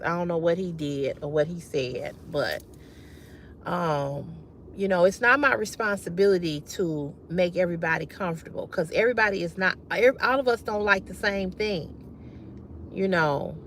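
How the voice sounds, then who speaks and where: A woman's voice: lowish voice, fairly bright tone, slight background noise. A woman hosting a casual livestream, talking bluntly and with profanity straight to her viewers in a style. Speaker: livestream host.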